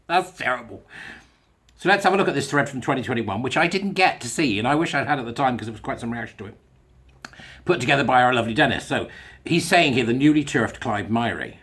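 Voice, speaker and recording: A man's voice: mid-range voice, lively intonation, fast, fairly bright tone. A man giving casual, mocking solo commentary, chuckling through chatty asides. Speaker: online commentator.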